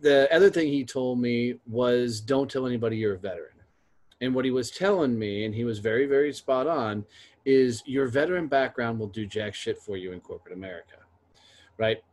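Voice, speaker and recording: A man's voice: medium pitch, moderate pace, a little mellow. Blunt, swearing American man telling stories. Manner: blunt, profane, storytelling. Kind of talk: casual conversation.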